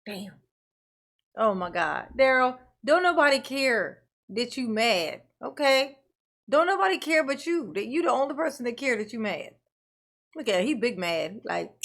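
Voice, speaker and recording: A woman's voice: a little high, expressive, moderate pace, vocal fry, fairly bright tone. A woman commenting on court footage who mocks, swears and keeps bursting into laughter. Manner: mocking, laughing, profane. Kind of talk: reaction commentary.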